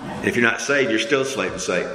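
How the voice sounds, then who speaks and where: Quick-paced and conversational, this preacher draws the congregation into call-and-response, his pitch rising high as he gets fired up. Crowd noise fills the church hall, whose echo carries a long reverb.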